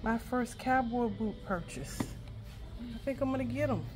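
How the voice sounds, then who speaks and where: A woman's voice: a little high, a little slow. Chatty woman vlogging over music. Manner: chatty and playful, talks straight to viewers. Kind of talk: casual vlog chat.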